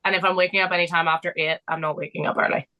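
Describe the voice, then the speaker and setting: A young woman from England co-hosting a casual podcast, animated and playful, laughing often. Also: on the low side, rapid-fire, low-quality recording. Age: young adult. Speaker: podcast co-host. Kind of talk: casual chat.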